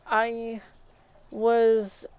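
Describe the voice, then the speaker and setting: A woman's voice: on the high side, extremely slow, clear, resonant tone, highs cut off. A woman telling rambling stories on a stream, acting out what others said. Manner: rambling, animated, acts out quoted people. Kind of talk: casual storytelling while gaming.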